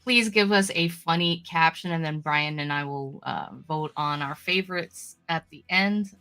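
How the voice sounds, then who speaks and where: A woman's voice: low voice, normal speed, pushed and bright. A woman co-hosting a casual talk show who laughs often while reading viewer comments aloud. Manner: giggly, reads chat comments aloud. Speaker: co-host. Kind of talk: casual chat.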